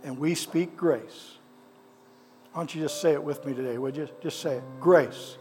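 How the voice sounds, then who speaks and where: A male pastor delivering a sermon and prayer in a church sanctuary. His voice sits a bit high, and he preaches with a fervent cadence, repeating his phrases for emphasis. Soft music plays faintly underneath. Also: moderate pace.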